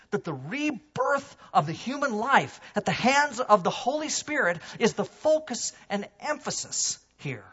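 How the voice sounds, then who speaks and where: A man preaching a sermon to his congregation, animated, swinging from loud emphasis to hushed low asides. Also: husky, dull audio. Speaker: pastor. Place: church sanctuary.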